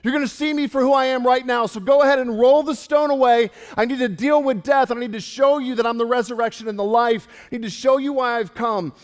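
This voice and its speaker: Pastor doing jesus, bold proclaiming guy, high voice, big churchy reverb. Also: fairly even intonation, fast talker, hardly any pauses. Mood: insistent. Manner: bold, proclaiming first-person declarations. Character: Jesus, a commanding adult man.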